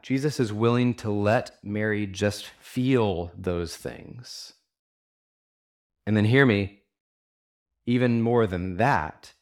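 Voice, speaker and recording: Low-voiced man preaching earnestly. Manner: earnest, conversational preaching with rhetorical questions; casual fillers like "like" and "y'all". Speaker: pastor. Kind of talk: sermon.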